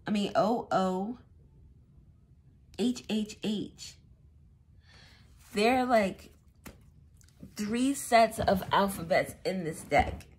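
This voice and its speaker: A woman giving a casual tarot reading, thinking out loud as she goes. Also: fairly low pitch, slight background noise. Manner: musing aloud, thinking out loud. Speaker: tarot reader.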